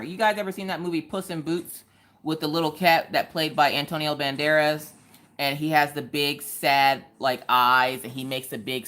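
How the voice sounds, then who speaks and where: Brief: low, animated female host, sarcastic storyteller, pitch swings all over. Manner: animated, sarcastic, acts out the people in her stories. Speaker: live-stream host. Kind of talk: casual storytelling on a craft live stream.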